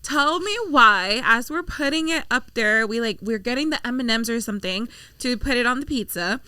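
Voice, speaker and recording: A young woman co-hosting a podcast, chiming in excitedly and telling her part of the story in casual chat. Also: fairly high pitch, normal speed, clear, resonant tone, no room sound. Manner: chimes in, excitable, playful. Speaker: podcast co-host.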